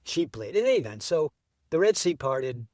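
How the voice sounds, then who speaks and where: A middle-aged man telling the story of how he built an event, as an interview guest, with lively enthusiasm. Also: a little high, normal speed, no echo, clean studio sound.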